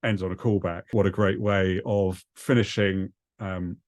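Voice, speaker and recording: A man's voice: deep voice, fairly even intonation, measured pace, heavy background noise. Man teaching comedy writing. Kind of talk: class breakdown over video call. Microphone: video call.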